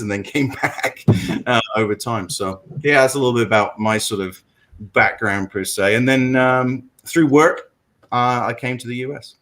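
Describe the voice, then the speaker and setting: A forceful, bright, mid-range voice belongs to a middle-aged man from England with a London accent, heard on a rough recording. Telling his story as a guest in a casual chat, he rambles and keeps restarting, leaning on fillers.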